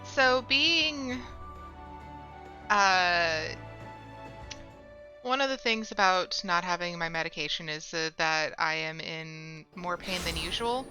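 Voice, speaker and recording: A woman's voice: fairly low pitch, takes it slowly, long pauses, bright, forceful tone, soft background music. A woman streamer giving casual, rambling commentary while playing a game, often correcting herself mid-sentence. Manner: chatty, rambling, self-correcting.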